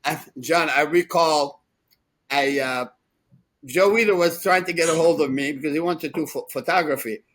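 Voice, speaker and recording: Sixties male co-host, animated rambling storyteller, slightly high pitch. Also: moderate pace, poor audio. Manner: rambling, animated, laughs often. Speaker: podcast co-host. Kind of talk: casual storytelling chat.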